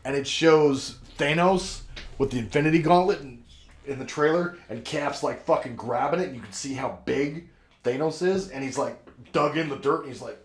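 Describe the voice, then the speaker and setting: A man's voice: medium pitch, normal speed, echoey room. A man co-hosting a casual podcast chat, gushy and emotional, who swears freely. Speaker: podcast co-host.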